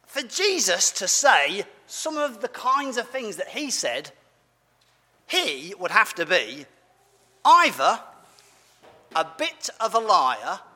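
A man's voice: sits high, bright, forceful tone, long reverb tail. A man giving a playful, family-friendly sermon as a preacher, asking his audience questions as he goes.

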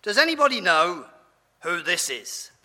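A man preaching a family-friendly sermon in a big hall, with long reverb trailing each phrase. His voice is high and very bright, and it swoops up and down as he quizzes the crowd in a playful, animated way. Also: unhurried. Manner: animated, asks the audience questions, playful.

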